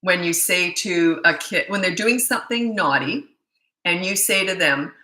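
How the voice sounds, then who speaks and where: A woman's voice: on the low side, normal speed, pushed and bright, reverberant, rough recording. A middle-aged woman parenting coach answering viewer questions in a blunt, emphatic way, often restarting her sentences.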